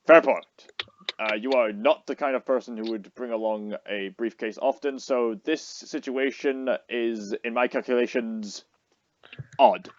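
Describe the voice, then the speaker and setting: A man's voice: mid-range voice, fairly even intonation, measured pace, no echo. A man playing a tabletop game, hesitant and stammering, with stiff, formal phrasing. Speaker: player. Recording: dull lo-fi dry recording.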